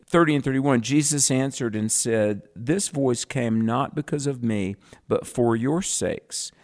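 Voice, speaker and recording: A man's voice: mid-range voice, unhurried, darkish tone. A man co-hosting a Bible teaching show, reading scripture aloud and explaining it with emphatic contrasts.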